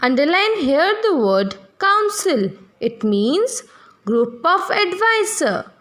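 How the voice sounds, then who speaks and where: A woman teaching a classroom reading lesson to young students, slowly spelling out words letter by letter and explaining their meanings. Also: very high voice, big pitch swings, fairly bright tone. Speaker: primary school teacher.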